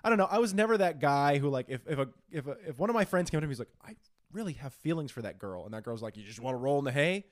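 A man with a fairly high, lively voice, riffing alongside his co-host on a casual podcast. He tosses in wisecracks and steady agreement, then rambles into his own views. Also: racing. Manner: joking, chiming in with quips and agreement. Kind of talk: casual chat.

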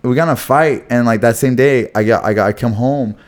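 A young man from Houston tells a story in a podcast chat. He talks loosely and with energy, full of slang. His voice sits in a middle pitch. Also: fairly quick. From Houston, Texas. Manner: slangy, animated, says "bro" constantly. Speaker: podcast co-host.

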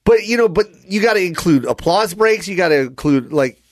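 A man co-hosting a podcast, telling stories in a loose, animated way with lots of fillers and acted-out voices. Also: sits high, a little fast, no echo. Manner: animated storyteller, many fillers, acts out voices. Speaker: comedian and podcast co-host. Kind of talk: casual storytelling chat.

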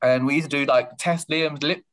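A man's voice: steady tone, fairly quick, fairly bright tone. Young man, playful co-host. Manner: teasing, playful, jumps into high voices for quotes. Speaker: podcast co-host. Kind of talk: casual chat.

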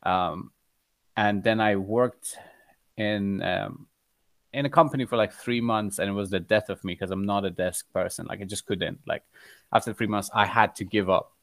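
A man's voice: on the low side, fairly even intonation, moderate pace, gravelly, dry recording. Young man with a mixed accent. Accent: mixed British, American and Iranian. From Iran. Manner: chatty storyteller, many fillers. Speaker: podcast guest, fitness coach. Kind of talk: casual conversation.

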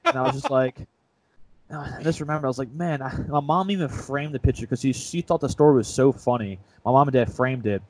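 A man's voice: mid-range voice, fairly quick, a little hiss or hum, rough recording. A young man co-hosting a casual sports podcast, retelling a story in a rambling, self-mocking way. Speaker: podcast co-host.

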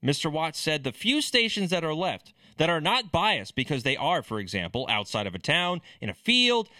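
Bright, sarcastic male commentator. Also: a little high, dry recording. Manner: sarcastic, scornful. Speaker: political commentator. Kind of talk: ranting commentary.

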